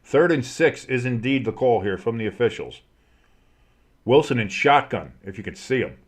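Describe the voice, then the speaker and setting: Excitable man calling football play-by-play. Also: medium pitch, normal speed. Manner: excitable, crude jokes, shouts on big plays. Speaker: play-by-play host. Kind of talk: fan play-by-play commentary.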